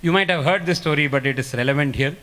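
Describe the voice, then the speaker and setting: A man's voice: fairly high pitch, quick pace, fairly bright tone. A man giving an earnest spiritual discourse, telling stories and repeating key phrases for emphasis, in a large ashram hall. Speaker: speaker at a spiritual gathering. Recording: long hall reverb.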